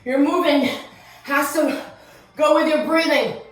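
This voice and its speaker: A woman instructor coaching a workout, energetic, counting down reps and chatting between moves, out of breath. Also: high voice, a little slow. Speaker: fitness instructor. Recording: roomy echo, distant mic, music behind.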